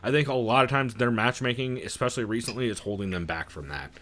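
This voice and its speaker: Guy hosting a fight podcast, rambly and blunt, swears a lot, middle pitch. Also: quick pace, fairly bright tone. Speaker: podcast co-host. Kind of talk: casual podcast chat.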